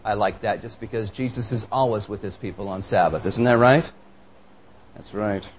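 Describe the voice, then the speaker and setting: A man's voice: fairly low pitch, moderate pace, a little hiss or hum. A man preaching a sermon, reading scripture and reflecting on it with earnest, emphatic questions. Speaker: pastor.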